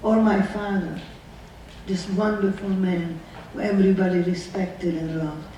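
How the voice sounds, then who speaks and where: Slow, earnest woman in her nineties. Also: mid-range voice, mellow, muffled recording, a little hiss or hum. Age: 90s. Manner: slow, earnest storytelling full of rhetorical questions. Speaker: survivor speaker. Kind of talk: personal testimony talk. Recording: distant echoey hall recording, faint ambience.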